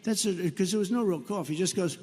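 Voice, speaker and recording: A man's voice: high-pitched, mellow, husky. An older man, a politician, giving a rambling and repetitive speech full of mockery and asides. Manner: repetitive, mocking, digressive. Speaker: politician speaking at rallies and on a podcast. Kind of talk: rambling rally speech and podcast chat. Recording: roomy reverb with faint background noise.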